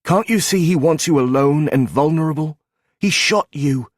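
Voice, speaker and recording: A man's voice: mid-range voice, moderate pace, slightly rough, dry recording, studio quality, pitched above the performer's own voice, natural voice. A male narrator voicing a guarded former woman assassin who pleads and argues with rising emotion. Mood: heated.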